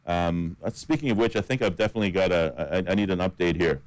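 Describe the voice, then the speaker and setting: Deep-voiced Caymanian radio host. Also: male voice, fast, dry recording, poor audio. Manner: steady list-reading with fillers. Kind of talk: radio talk about election candidates. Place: radio studio.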